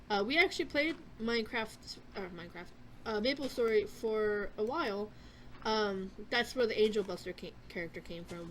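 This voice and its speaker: A woman's voice: mid-range voice, slight background noise. A young adult woman hosting a gaming vlog, chatting casually in a rambling way with many fillers and restarts. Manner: chewing a cough drop. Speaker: gaming channel host.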